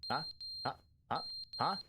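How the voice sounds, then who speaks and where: A man's voice: unhurried, very noisy. A young man giving goofy, easily startled commentary while playing a game and talking back to it. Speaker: gaming youtuber. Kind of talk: casual gameplay commentary.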